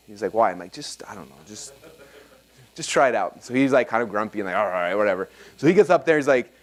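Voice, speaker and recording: A man teaching a live seminar audience about marketing, telling stories with lots of fillers and restarts. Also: mid-range voice. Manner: energetic storytelling with many fillers and restarts.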